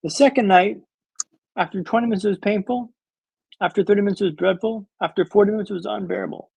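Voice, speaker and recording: A man's voice: high-pitched, steady tone, fast, creaky, darkish tone, breathy edge, no echo, low-quality recording. A man in his thirties telling a story as a podcast guest, dramatic and wry with comic timing. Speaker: guest speaker.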